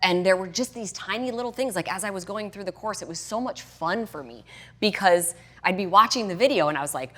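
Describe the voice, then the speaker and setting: A woman's voice: medium pitch, a little fast, fairly bright tone. A middle-aged woman, a fitness and hormone health coach, chatting as a podcast guest and animatedly acting out her own past reactions. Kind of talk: casual podcast interview.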